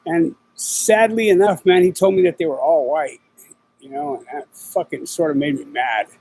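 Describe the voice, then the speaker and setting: A man's voice: fairly high pitch, expressive, moderate pace, gravelly, a little mellow, a little hiss or hum, rough recording. A middle-aged man hosting his own show, talking casually and rambling in profane street slang with lots of fillers. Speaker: podcast host. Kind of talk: casual livestream chat.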